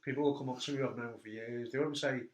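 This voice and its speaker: An animated man hosts a relaxed chat, telling stories and laughing along with them. His voice sits at an ordinary pitch. It is recorded with noticeable room echo. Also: fast talker. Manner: animated storyteller, laughing at his own anecdotes. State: hurt back. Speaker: host. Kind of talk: casual chat. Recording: echoey room.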